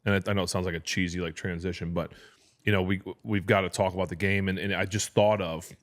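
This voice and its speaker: A man's voice: deep voice, fairly even intonation, fast talker. A man in his thirties hosting a casual podcast chat, talking earnestly with frequent restarts and fillers. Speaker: podcast host.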